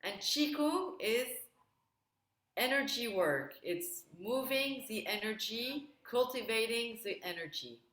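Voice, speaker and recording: A woman instructor leading an online wellbeing workshop, calmly cueing movements step by step over a video call. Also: a little high, slow pace, far from the mic. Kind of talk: guided exercise instruction. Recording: very echoey room, voice away from the mic.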